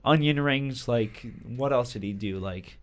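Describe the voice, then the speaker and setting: A young man hosting a college radio podcast, chatting casually, laughing often and telling stories with rising excitement. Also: medium pitch, measured pace. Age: young adult. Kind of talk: casual interview chat.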